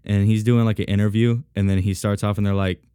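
Recorded in studio quality with no room sound, a man hosts a casual podcast by himself, his fairly low voice warm, smooth and level, moving at a quick pace. A sinus cold leaves him congested, sniffly and deeper-sounding. He rambles, jokes and mocks himself.

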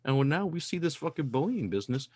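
A man's voice: on the high side, very animated, quick pace, a little mellow, slightly rough, no echo. A man in his thirties hosting a casual podcast, ranting with heavy profanity and mounting fire. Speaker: podcast host.

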